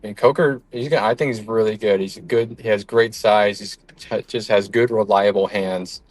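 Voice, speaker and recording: A man's voice: lowish voice, steady tone, normal speed, no echo, poor audio. A man guest on a casual sports talk show, speaking casually with many "like" fillers.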